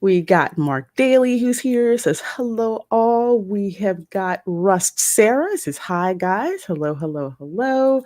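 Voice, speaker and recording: A woman's voice: mid-range voice, a little slow, few pauses, no room sound, studio quality. A woman hosting a casual live-stream podcast, reading out chat messages and laughing easily. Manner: animated, reads chat names aloud, laughs easily. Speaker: podcast host.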